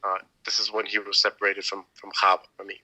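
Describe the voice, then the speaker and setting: Bright-voiced man hosting a podcast. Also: lowish voice, completely flat delivery, quick pace, poor audio. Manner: rambling, many restarts and "like"s. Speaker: podcast host. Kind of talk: casual religious discussion.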